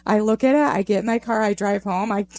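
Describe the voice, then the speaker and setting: A middle-aged woman co-hosting a podcast in casual chat, telling a story with lively voices for the people in it. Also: fast talker. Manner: animated storytelling, acts out voices with big pitch swings. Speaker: podcast co-host.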